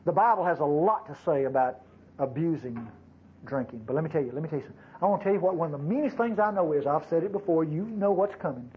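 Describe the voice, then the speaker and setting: Male pastor, high and animated, preaching in a chatty, folksy way; slightly dull recording. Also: fast talker, slight background noise. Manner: folksy, conversational preaching with asides to the congregation. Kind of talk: sermon.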